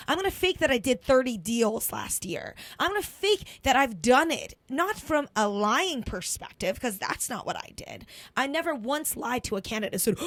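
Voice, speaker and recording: A woman delivers a motivational podcast monologue, blunt and profane, with sudden bursts of emphasis as she acts out phone calls. Her voice sits high, and the sound is dry and close with no room around it. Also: fairly bright tone, no room sound. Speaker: podcast host.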